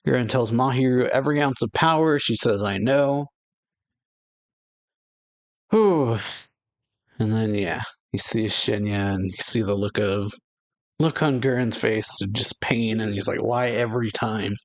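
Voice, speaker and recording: A man's voice: on the low side, normal speed. A man hosting a manga reaction, reading the dialogue aloud in a casual way and laughing often between lines.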